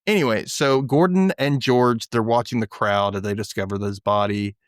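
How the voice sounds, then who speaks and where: Man, podcast host, casual TV recap, does character voices, mid pitch, dry close sound. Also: moderate pace, dry recording. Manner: acts out character lines in voices.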